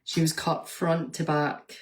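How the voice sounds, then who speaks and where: A woman's voice: low-pitched, level tone, takes it slowly. A woman vlogger and nurse chatting casually, answering viewer comments and laughing often as she retells stories.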